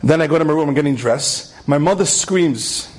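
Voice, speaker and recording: A man's voice: a little high, normal speed. A man telling an inspirational story, emphatic and repeating key phrases, with Hebrew terms mixed in. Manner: sprinkles Hebrew and Yiddish terms.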